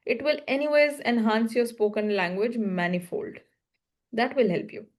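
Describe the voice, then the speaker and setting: A woman's voice: a little high, animated, moderate pace. A woman coaching a learner one-on-one, explaining patiently in short, repeated phrases. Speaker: English speaking coach.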